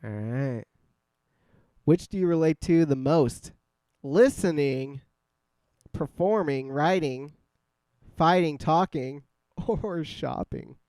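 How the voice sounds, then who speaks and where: A man's voice: on the high side, slow, pauses often, darkish tone, dry recording. A man hosting a podcast in casual chat, joking and swearing easily as he reads out quiz questions. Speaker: podcast host. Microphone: scarf-wrapped microphone.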